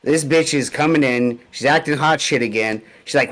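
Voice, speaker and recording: A young man speaks at an ordinary middle pitch on a laid-back podcast. His speech is loose and slangy, heavy with swearing and casual filler. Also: brisk, fairly bright tone. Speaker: podcast co-host. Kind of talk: casual profane chat.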